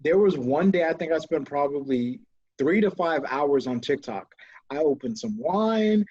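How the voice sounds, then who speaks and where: A man co-hosting a casual business podcast, talking with enthusiasm and telling animated stories. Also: fairly high pitch, measured pace, slightly rough, dry recording, highs cut off. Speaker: podcast co-host, business owner.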